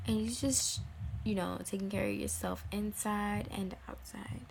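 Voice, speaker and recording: A woman's voice: medium pitch, creaky, slight background noise. A young woman giving casual life advice to the camera, emphatic and repetitive, sometimes dropping to a whisper. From United States. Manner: emphatic, repeats lines, dips into whispers.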